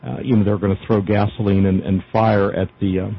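A man's voice: fairly low pitch, level tone, quick pace, breathy edge. A man hosting a casual news show, reading articles aloud with many fillers and asides. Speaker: podcast news host. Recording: dull lo-fi audio.

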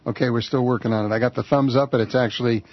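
A man's voice: mid-range voice, steady tone, racing, highs cut off. A man guest-hosting a political talk radio show from a studio, talking in a conversational, wry way with filler uhs.

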